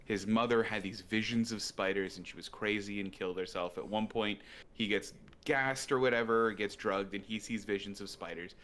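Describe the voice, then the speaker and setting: A man's voice: on the low side, fairly even intonation, moderate pace, a bit bright. A man co-hosting a movie podcast, arguing his point with many "right?" check-ins. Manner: argumentative, builds a point with "right?". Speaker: podcast co-host. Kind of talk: casual movie review chat.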